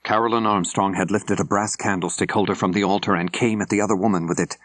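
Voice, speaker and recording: An older man narrating an audiobook in a measured, clear storytelling manner, close to the microphone. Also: lowish voice, fairly even intonation, fairly bright tone, dry recording. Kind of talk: scripted narration. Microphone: close studio mic.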